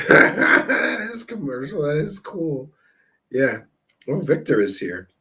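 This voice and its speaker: A man's voice: on the high side, sing-song, slow pace, bright, forceful tone. Tipsy guy rambling thru stories on a live stream, laughs a lot. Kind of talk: casual chat with viewers. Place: Seattle area.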